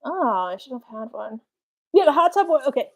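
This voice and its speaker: High and sing-song, a young female streamer's voice carries her casual live Q&A with fans. She rambles, relies heavily on fillers and slips in short quoted asides while answering their questions.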